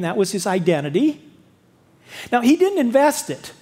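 Husky man preaching with animated delivery. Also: very high-pitched, moderate pace. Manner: lively storytelling, rhetorical questions. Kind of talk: sermon.

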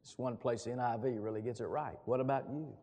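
Emphatic preacher in a reverberant hall. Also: male voice, fairly even intonation, quick pace, mellow. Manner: emphatic, booming rises on quoted scripture. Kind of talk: sermon.

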